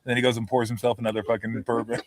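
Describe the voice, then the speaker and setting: A man's voice: mid-range voice, flat delivery, racing, creaky, slight background noise. A man hosting a sports podcast and chatting casually with friends, telling loose, profane stories and often laughing. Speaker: podcast host. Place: vacation house with friends in Tahoe.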